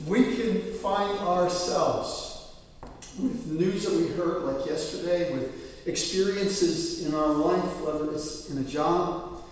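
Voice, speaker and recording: Male pastor, sermon storyteller who builds to loud peaks; slightly high voice, distant mic, long church reverb. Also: slow. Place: church sanctuary. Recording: echoey hall, mic from afar.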